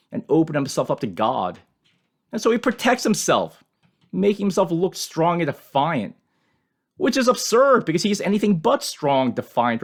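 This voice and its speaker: A man giving an earnest, measured scripture commentary as a Bible teacher, in short emphatic phrases. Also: fairly high pitch, creaky.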